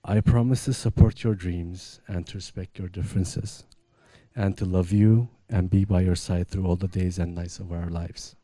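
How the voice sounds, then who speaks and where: A groom speaks his wedding vows in a very dark, mellow tone. His delivery is earnest and measured, and the sound is close and dry. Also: low voice, fairly even intonation, no echo.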